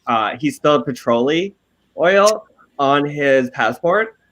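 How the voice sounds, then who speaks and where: A man in his late twenties, co-hosting a podcast and telling stories in animated, profane casual chat. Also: on the high side, slow pace, rough recording. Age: late 20s. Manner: animated, profane, laughing storyteller. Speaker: podcast co-host.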